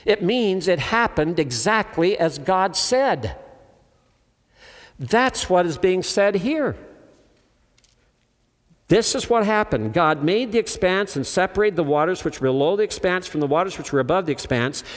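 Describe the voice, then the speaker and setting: A man's voice: sits high, lively intonation, measured pace. An older man preaching a sermon emphatically, asking his listeners questions and calling on them. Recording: long hall reverb.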